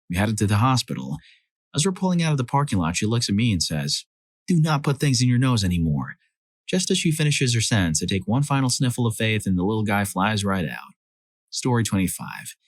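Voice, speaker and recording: A man narrating a series of reader-submitted stories as a scripted storyteller, lively when he voices the quoted lines. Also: on the low side, dry recording.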